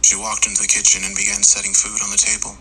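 A man narrating a horror story in the first person with a steady, grim delivery. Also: lowish voice, fast, slight background noise, poor audio. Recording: loud music underneath.

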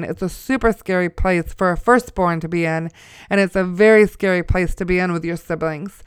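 A woman's voice: medium pitch, clear, resonant tone, dry recording, clean studio sound. A woman in her forties telling a family story as a spoken testimony, conversational with preacher-like asides. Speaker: mother sharing a testimony.

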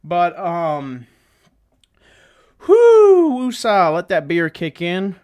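A man's voice: a little high, slow pace. A young man hosting a casual solo podcast, rambling and joking with plenty of profanity. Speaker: podcast host. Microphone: desk setup with webcam.

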